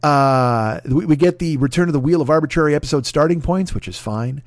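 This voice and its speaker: A man's voice: a little high, a little fast, no echo, clean studio sound. Profane rambling man plugging a podcast. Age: 40s. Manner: profane, rambling, mock-boastful. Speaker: podcast host. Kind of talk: casual comedic podcast plug.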